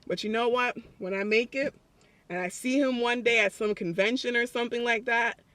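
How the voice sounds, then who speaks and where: A young man telling a story to his phone camera in a public place, excited and chatty, often breaking into laughs. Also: very high-pitched, normal speed, no echo. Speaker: vlogger. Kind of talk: casual vlog storytelling.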